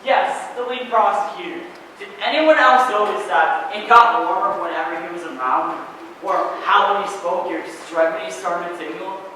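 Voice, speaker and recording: A man's voice: high-pitched, normal speed, pushed and bright, slight background noise. A young man playing a dreamy, smitten juror. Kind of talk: high school stage play. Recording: distant stage in echoey auditorium.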